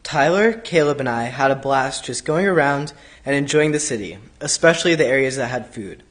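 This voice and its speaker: A man reading a prepared reflection aloud at a service in a steady, even way. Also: medium pitch, normal speed. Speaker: congregant giving a trip reflection.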